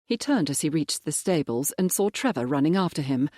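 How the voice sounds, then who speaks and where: An audiobook narrator reading a period mystery in a measured, even manner. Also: medium pitch, no room sound, studio quality. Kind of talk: scripted narration.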